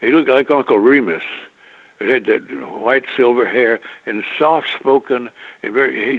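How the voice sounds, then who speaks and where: A tinny, dry phone line carries an older man's mid-range voice as he rambles through a long story as an interview guest. He halts and starts over often, chuckling now and again, with no room sound.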